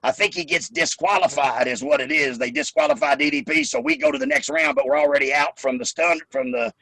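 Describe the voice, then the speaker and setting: A man with a high, gravelly voice swings his pitch widely as he tells rowdy, cursing stories. His tone is bright and sharp. The sound is dry and close. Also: fairly quick, no room sound. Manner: animated, profane, laughing while telling stories. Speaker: guest, former pro wrestler. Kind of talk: casual storytelling interview.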